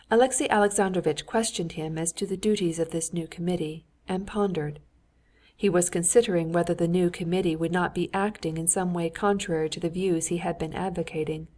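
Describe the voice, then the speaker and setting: Woman audiobook narrator, low-pitched, measured, for literary fiction. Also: a little mellow. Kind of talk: scripted narration.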